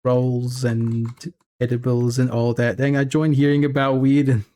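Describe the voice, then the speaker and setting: A man's voice: medium pitch, flat delivery, a little slow, dark tone. A man chatting casually on a live stream while working, rambling through stories and laughing often. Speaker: streamer and 3D artist.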